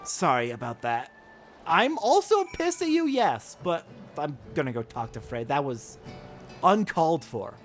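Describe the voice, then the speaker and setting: A man's voice: on the high side, unhurried. A man giving casual, profane commentary while playing a story game. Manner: animated, swearing freely. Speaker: game let's play host. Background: game music.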